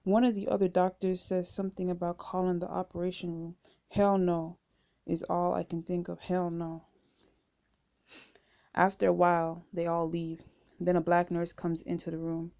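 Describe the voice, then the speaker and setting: A woman reading a memoir aloud in first person, steady and unhurried, on a dull lo-fi home recording. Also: on the low side, creaky. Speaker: audiobook reader.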